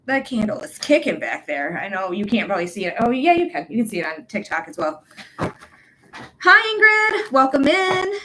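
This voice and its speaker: A woman's voice: a little high, big pitch swings, normal speed, bright, forceful tone, rough recording. A woman psychic reader hosting a live stream, chatting casually and welcoming viewers by name over and over. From United States.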